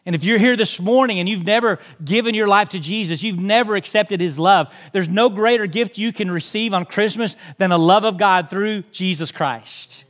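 Guy pastor with a high voice preaching in church, earnest, talks straight to the people. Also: a bit bright. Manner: earnest, direct appeals to the congregation. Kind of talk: sermon. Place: church sanctuary.

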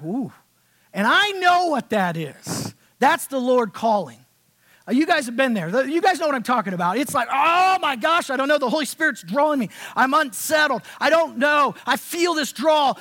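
Male pastor, high voice, conversational sermon, shifts between hushed and loud delivery. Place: church sanctuary.

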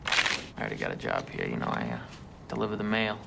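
A man's voice: lowish voice, wildly swooping pitch, fast, creaky, heavily acted. An actor playing an evasive young male con man in a film scene. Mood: wry, evasive. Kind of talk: film dialogue. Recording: film clip with background noise.

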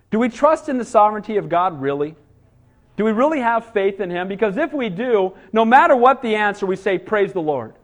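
A man preaching a sermon, a father of small children, full of rhetorical questions and frequent calls of "Amen?" to the congregation. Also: high-pitched. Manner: call-and-response, asks "Amen?" often; rhetorical questions, rising to emphatic cries. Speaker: pastor.

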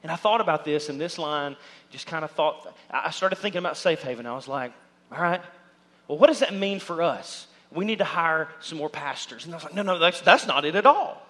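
A man preaching a sermon as pastor, speaking in turn for imagined listeners and his own thoughts, and building to loud, shouted exhortation. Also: on the high side, lively intonation, brisk.

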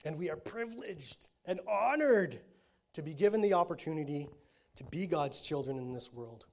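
A man preaching a sermon. He talks with his congregation, often checks in with them, and moves between quiet, low statements and loud, emphatic declarations. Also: expressive, moderate pace. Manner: conversational preaching with frequent check-ins to the congregation. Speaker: pastor.

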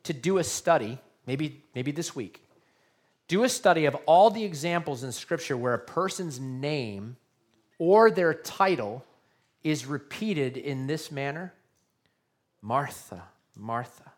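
A man's voice: a little high, expressive, measured pace. A male pastor giving a sermon, earnest and repetitive, often checking in with his listeners by asking questions.

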